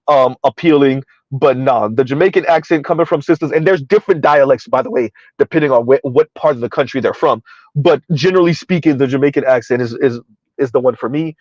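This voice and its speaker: A man's voice: fairly high pitch, darkish tone, dry recording, muffled recording. A man doing casual, rambling commentary on a live stream, reading out chat messages as he goes. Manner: rambling, conversational, reads chat aloud.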